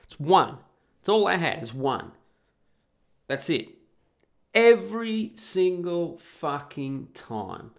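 A man's voice: on the high side, very animated, takes it slowly, vocal fry, long pauses. A man hosting a solo podcast, talking in a blunt, sweary, sarcastic way. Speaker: podcast host.

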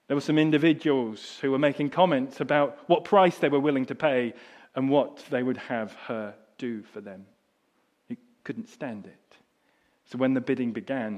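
A middle-aged man preaching a sermon, telling a story that drops soft and low and then rises loud and high. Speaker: pastor.

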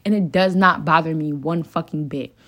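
A woman's voice: low-pitched, moderate pace, fairly bright tone. A young woman in a confessional solo monologue, venting and rambling with lots of swearing and filler words. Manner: frequent fillers like "like" and "um". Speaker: podcast host.

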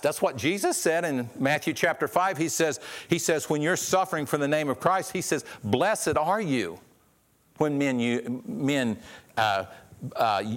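A man preaching a sermon in a conversational way, often repeating and restarting words and rising in pitch when he stresses a point. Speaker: pastor.

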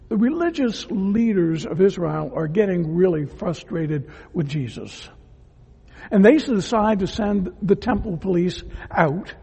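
A man preaching a sermon as a pastor, earnest and emphatic, at times dropping to a hush. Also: sits high, breathy edge, in a large hall. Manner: earnest, emphatic preaching that drops to hushed tones.

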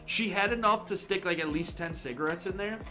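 A man's voice: high voice, fairly quick, over music. A young man co-hosting a casual podcast, rambling through a story, swearing freely and acting out the quoted lines. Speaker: podcast co-host. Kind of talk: casual chat.

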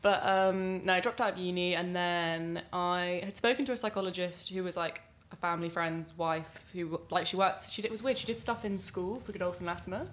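A woman's voice: lowish voice, brisk, few pauses. A young woman, talking casually as an interview guest, full of "like" fillers and easy laughs. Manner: chatty, many "like" fillers, laughs easily.

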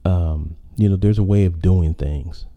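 A man's voice: low-pitched, measured pace, narrow, tinny audio. A man hosting a podcast, talking in a rambling casual monologue full of fillers and restarts. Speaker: podcast host.

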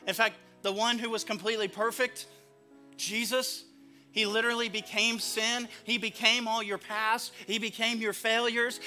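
A man's voice: high-pitched, pushed and bright. A man preaching a sermon as pastor, earnest and emphatic, repeating phrases for weight.

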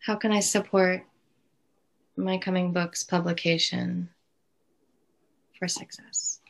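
Woman client, low-pitched and unhurried, flat delivery, short hesitant answers. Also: creaky. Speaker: tarot client. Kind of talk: answering questions in a live reading.

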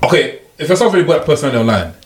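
A man's voice: a little high, very animated, very fast. A man from Britain chatting emphatically in a podcast and saying "bro" a lot. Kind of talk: casual chat. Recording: echoey room.

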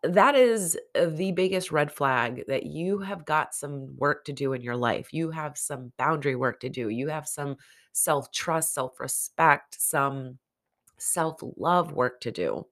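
A woman's voice: deep voice, slow pace, a bit bright. A woman podcast host, under the weather and nasal, giving candid, encouraging self-help talk in a casual solo monologue.

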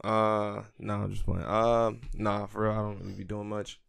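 Gravelly young guy, joking banter. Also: on the low side, flat delivery, a bit bright, dry recording, clean studio sound. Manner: joking, teasing and quick to protest. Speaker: podcast co-host. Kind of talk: casual chat.

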